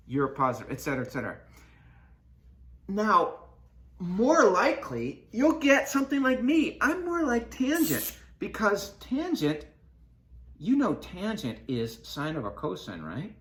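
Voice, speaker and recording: A man teaching a math lesson in a playful way, acting out sine and cosine as friends in quick skits. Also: a little high, sing-song, fairly bright tone.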